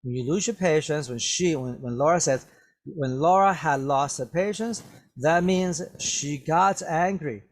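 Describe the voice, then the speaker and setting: A man teaching English vocabulary to learners, his voice sitting slightly high for a man. He moves very slowly through each word, repeating it several times and checking understanding with "okay?" after nearly every phrase. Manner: repetitive, drawn-out explanations with many "okay?" checks. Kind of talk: slow classroom vocabulary lesson.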